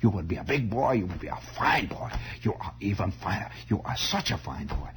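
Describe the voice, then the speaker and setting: A man's voice: lowish voice, very animated, fairly quick, slight background noise. A man voicing a frail, sentimental elderly uncle with a German accent, who talks breathily and repeats himself. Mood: doting. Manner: breathy, repetitive, gushing and rambling.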